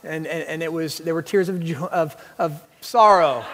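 Guy preaching a sermon, high voice, funny stories then punchy emphasis, big echoey church hall. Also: moderate pace, few pauses, a bit bright, slight background noise. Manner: storytelling with humor and emphatic preaching. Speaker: pastor. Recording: long hall reverb.

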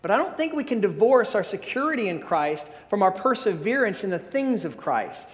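A man's voice: high voice, sing-song, normal speed. A pastor preaching a sermon, earnest and emphatic, often restarting his phrases. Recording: long hall reverb.

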